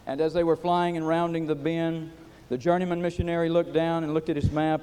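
Preacher guy, warm higher voice, goes from loud to hushed, really fired up. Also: level tone, fairly quick, few pauses. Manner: impassioned, swinging from loud to hushed. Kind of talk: sermon.

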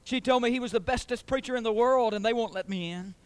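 A man's voice: very high-pitched, fast, clean tone, no room sound, voice pushed up. A preacher voicing a poor barefoot little boy who begs to be let in, in a raised, pleading voice.

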